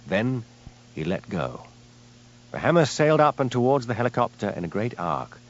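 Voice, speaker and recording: A man narrating an audiobook in a lively, dramatic storytelling manner, on a dull lo-fi recording. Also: mid-range voice, normal speed. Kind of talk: scripted narration.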